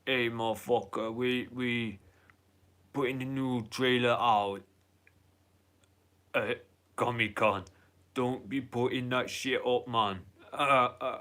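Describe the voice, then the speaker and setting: A man's voice: mid-range voice, a bit bright. A man putting on a weak impression of a blunt male action star who barks clipped orders.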